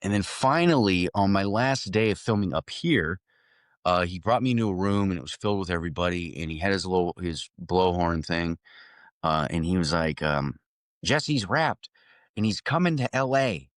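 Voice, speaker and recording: Low-voiced man telling an animated story. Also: normal speed, no room sound, studio quality. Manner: animated, laughs often, many restarts. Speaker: actor guest. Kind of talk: casual storytelling.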